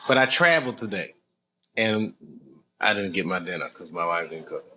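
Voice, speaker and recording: Stand-up comic, man, 50s, animated crowd-work patter, noisy live room. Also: deep voice, moderate pace. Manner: chatty, teasing, riffing with the crowd. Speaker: stand-up comedian. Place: comedy club, audience laughing. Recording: noisy club recording.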